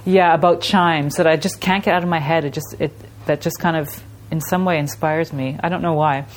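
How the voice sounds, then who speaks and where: A middle-aged artist with a low voice speaks briskly as a guest in a casual interview, with slight background noise. Her storytelling is animated, full of laughs and imitations.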